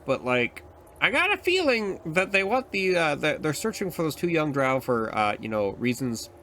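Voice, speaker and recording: A man's voice: medium pitch, bright, forceful tone, slight background noise. A young adult man streaming a video game, giving chatty, rambling commentary with lots of fillers. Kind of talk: casual let's-play commentary.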